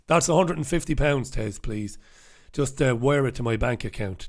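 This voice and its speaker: A man's voice: medium pitch, lively intonation, measured pace. A man from Ireland, hosting a live newspaper review in a brash, sarcastic manner, swearing freely and greeting viewers from the chat. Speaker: host.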